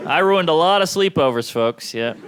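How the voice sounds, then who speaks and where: Man delivering dark stand-up jokes. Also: a little high, moderate pace, slight background noise. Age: 30s. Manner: dark, deadpan punchlines. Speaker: stand-up comedian. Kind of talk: stand-up comedy set. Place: comedy stage before an audience. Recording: live show with crowd laughter.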